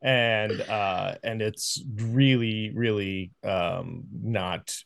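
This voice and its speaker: A man co-hosting a movie podcast, talking casually and haltingly, with many fillers and soft laughs. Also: on the low side, fairly even intonation, gravelly, no echo, clean studio sound. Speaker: podcast co-host. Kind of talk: casual chat about movies.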